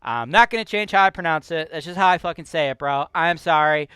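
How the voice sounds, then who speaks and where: A man's voice: a little high, fairly quick, bright, forceful tone, clear, resonant tone, no echo. A man from Cleveland, Ohio with a Cleveland accent, hosting a real estate show in a brash, profane, ranting style. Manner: brash, profane, keeps asking "right?". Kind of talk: casual ranting vlog.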